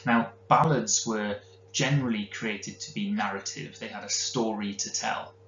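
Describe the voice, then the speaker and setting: A Welsh man talks through a literature lesson in a lowish, conversational voice, pausing on the odd filler. The recording is roomy and dull, with a faint hum behind him. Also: a bit bright. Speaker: teacher.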